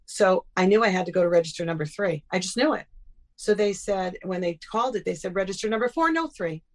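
A middle-aged woman, appearing as a guest in a casual interview, tells personal stories in a fairly low, brisk voice. She's animated and acts out the quoted dialogue.

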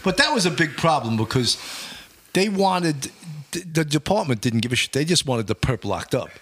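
A man's voice: on the high side, very animated, normal speed, fairly bright tone, breathy edge. A man, a former detective, chatting and trading stories about police work. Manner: conversational, chiming in, profane. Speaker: retired detective. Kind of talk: casual storytelling chat.

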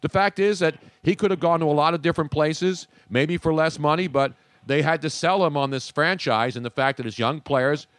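A man's voice: fairly high pitch, fairly quick, fairly bright tone, clear, resonant tone, dry recording. A man hosting a sports talk show, chatting and joking with his co-hosts and callers. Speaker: sports radio host.

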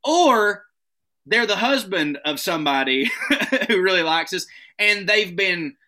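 A man with a Southern American accent, a stand-up comedian telling stories in an animated, profane, casual chat. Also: high voice, measured pace. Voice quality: animated storytelling, swearing freely.

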